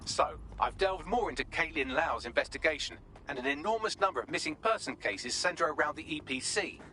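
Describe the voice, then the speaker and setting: An actor playing a male resistance operative in a video game, with a quick, animated delivery. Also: a little high, slight background noise. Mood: determined.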